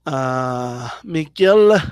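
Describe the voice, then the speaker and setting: A man's voice: mid-range voice, lively intonation, drawn-out words, a little mellow, clear, resonant tone, no echo. A man hosting a casual live Q&A about boxing, chatty and loose, full of "like" and "right?" as he answers viewer questions. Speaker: boxing channel host.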